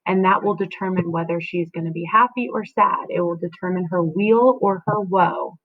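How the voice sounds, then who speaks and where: A woman's voice: on the low side, fairly even intonation, moderate pace. A woman teacher explaining a play to students, often checking in with "right?" and "okay?". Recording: phone-like lo-fi audio.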